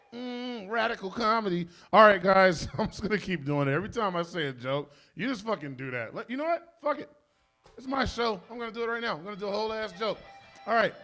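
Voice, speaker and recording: A man's voice: fairly high pitch, fairly bright tone. A man hosting a stand-up comedy show, telling loose, rambling, profane jokes on a club stage.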